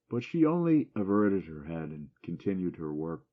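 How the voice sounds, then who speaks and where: A man's voice: low-pitched, animated, normal speed, hardly any pauses, phone-quality sound. A man reading a classic short story aloud as an audiobook, lifting his voice for the dialogue and dropping it for the narration.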